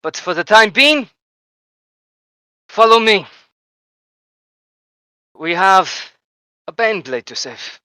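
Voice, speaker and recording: A stern military commissar snaps out clipped orders, as a game master puts him on. The voice sits a little high and bright, in a dry, close room. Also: male voice, very animated, slow, long pauses, clean tone, dry recording, full character voice. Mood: commanding.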